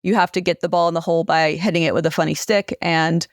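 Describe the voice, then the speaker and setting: Relaxed woman neuroscientist explaining. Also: lowish voice, quick pace, no room sound, studio quality. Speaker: neuroscientist guest. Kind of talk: casual interview chat.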